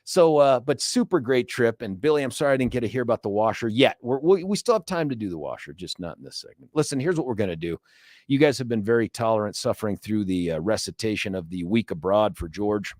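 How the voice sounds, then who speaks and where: A man's voice: fairly low pitch, lively intonation, fast talker, a little mellow, dry recording, studio quality. A middle-aged man hosting a talk radio show, telling a travel story in a chatty, self-mocking way. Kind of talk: casual talk radio chat. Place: radio studio. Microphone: studio microphone.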